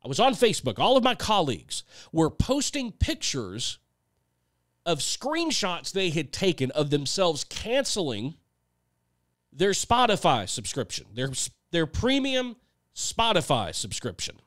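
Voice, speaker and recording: A man's voice: on the high side, huge pitch swings, measured pace, fairly bright tone, dry recording. A man hosting his own podcast, talking in a blunt, sarcastic, casual monologue and swearing freely into a close microphone. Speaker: podcast host and songwriter.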